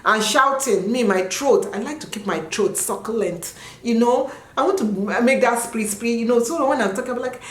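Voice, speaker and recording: A woman from Nigeria, around her thirties, chatting casually as she answers viewer questions and jumping into high sung and yelled bits. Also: expressive, a little fast, few pauses, reverberant. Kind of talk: casual chat.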